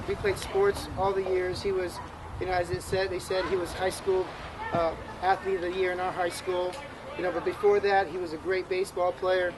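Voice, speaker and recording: A middle-aged man speaking at a memorial for an old friend, in a halting way with many restarts and fillers. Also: high-pitched. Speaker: friend giving a eulogy. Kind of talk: memorial tribute speech. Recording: loud outdoor urban background noise.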